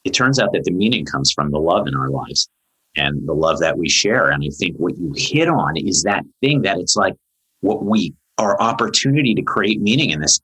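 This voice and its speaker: A man's voice: a bit bright, slightly rough, poor audio. A man speaking as a therapist guest in a casual podcast conversation, earnest and rambling, with many fillers and voices for quoted people. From Canada. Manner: rambling, earnest, many fillers, high-pitched when quoting.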